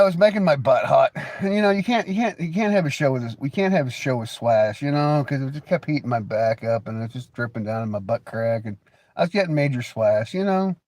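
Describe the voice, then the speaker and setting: A man's voice: medium pitch, a little mellow, no room sound. A man hosting a casual livestream, rambling, joking, laughing often and teasing viewers with crude banter. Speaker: livestream host.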